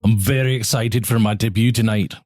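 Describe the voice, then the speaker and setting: A man co-hosting a comedy podcast, improvising with a dry, deadpan delivery. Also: lowish voice, fairly quick, no echo. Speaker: podcast co-host.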